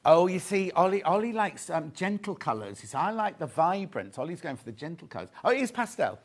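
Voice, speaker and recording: A middle-aged man hosting a live fabric sales show, chatting excitedly and teasing the crew. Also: a little high, fast talker. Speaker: shopping show host.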